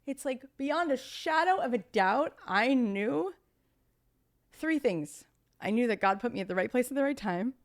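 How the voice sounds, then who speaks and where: A middle-aged woman, a podcast guest and author, telling a personal story in casual conversation, animated and earnest, acting out other people's lines. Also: fairly high pitch. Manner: earnest, spiritual reflection.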